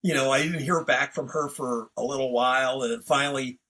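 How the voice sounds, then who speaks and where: A man's voice: medium pitch, fairly even intonation, brisk, sharp tone, slightly rough. A man hosting a podcast, telling a story in a rambling, casual way full of fillers and restarts. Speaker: podcast host.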